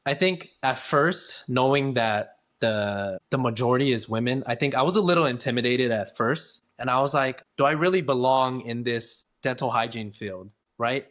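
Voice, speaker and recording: A man's voice: medium pitch, normal speed, hardly any pauses, fairly bright tone. A talkative, easygoing man, chatting casually as a guest in an interview about his work. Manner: talkative, easygoing, acts out quoted voices. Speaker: guest, dental hygienist.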